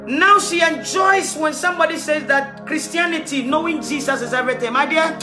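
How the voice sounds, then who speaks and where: A woman preacher giving an impassioned livestreamed sermon, rising to loud exhortation. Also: sits high, brisk. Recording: roomy livestream audio, faint music.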